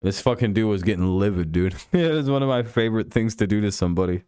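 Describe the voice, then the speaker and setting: A man's voice: lowish voice, quick pace, a little mellow, clean tone, no room sound, clean studio sound. A man hosting a live stream, casually chatting with viewers while commenting on a football game, rambling, laughing often and swearing freely.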